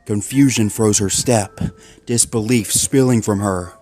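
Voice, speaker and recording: A man's voice: lowish voice, a little slow, darkish tone, soft background music. Man narrating a horror story.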